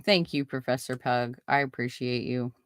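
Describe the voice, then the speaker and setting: A podcast host with a rumbling low voice runs a casual live stream at a normal pace, chatting and reading viewer comments aloud. She reacts with indignant outrage and apologies, and the recording is dry and studio-clean.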